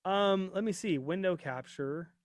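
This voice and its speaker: A man hosts a live wrestling watch party in a loose, rambling chat, reading out viewer comments. His voice sits a bit high and sounds worn from a long stream. The sound is close-miked and dry. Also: unhurried, no echo. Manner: chatty and rambling, reads viewer comments aloud. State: voice getting worn out. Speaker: podcast host.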